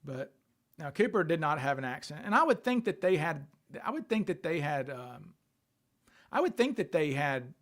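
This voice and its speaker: A man's voice: a little high, sing-song, normal speed, a bit bright. A man hosting a casual livestream, thinking aloud and answering questions from viewer chat. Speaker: livestream host.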